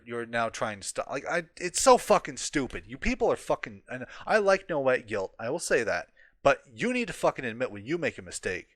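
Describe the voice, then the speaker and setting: A man's voice: mid-range voice, a bit bright, no echo. A man ranting heatedly as he reads an article aloud for his commentary vlog, swearing often and mocking its author. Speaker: political commentary vlogger. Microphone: home desk microphone.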